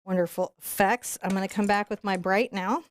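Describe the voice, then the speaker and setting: A woman teaching a live painting tutorial in a soft, soothing voice as she paints. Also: medium pitch, steady tone, brisk. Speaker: painting instructor.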